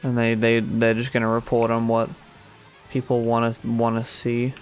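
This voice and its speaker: A man's voice: medium pitch, monotone, moderate pace, faint music behind. A young Australian man streaming a game, rambling sarcastically with many fillers. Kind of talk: casual gaming commentary.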